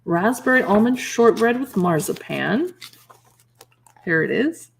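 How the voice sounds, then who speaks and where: A woman hosts a relaxed livestream and flips through a cookbook, reading recipe names aloud and adding quick comments between them. Her voice sits at an ordinary middle pitch. She chats easily and stops to greet viewers and answer their messages. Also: gravelly, slight background noise. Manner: chatty, reads dish names aloud and reacts with short remarks. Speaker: livestream shopping host. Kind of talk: casual livestream chat, reading recipe titles.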